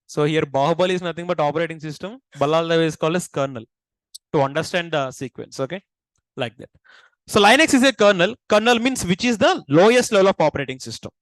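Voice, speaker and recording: Indian man, high voice, lecturing a class and quizzing students, dry close recording. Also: expressive, fast talker, dry recording, low-quality recording. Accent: Indian English. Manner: asks the class questions and repeats key points. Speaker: teacher.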